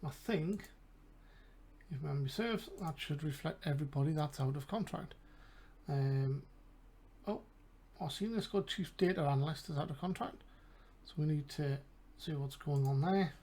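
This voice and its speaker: A man's voice: a little high, normal speed, darkish tone. A man with an English accent, casually commentating a game and thinking aloud with mumbled asides. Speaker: gaming channel host.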